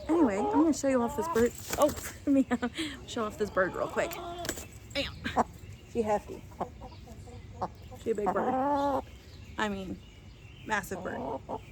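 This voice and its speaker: A woman chatting casually while she walks through her backyard garden and chicken coop. She rambles, laughs often, and coos softly to her hen. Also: fairly high pitch, a little slow, long pauses, background noise. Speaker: vlogger giving a garden tour. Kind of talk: casual chat.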